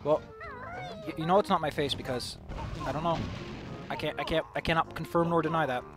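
A man streaming a game, joking and mocking himself, with sudden loud outbursts. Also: fairly high pitch, fairly even intonation, a little fast. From Netherlands. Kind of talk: casual gameplay commentary. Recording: game music playing behind.

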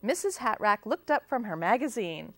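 A woman reads a picture book aloud at library storytime, her fairly high voice rising and falling with lively expression. The sound is close and dry with no room echo. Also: moderate pace. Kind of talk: children's storytime read-aloud.

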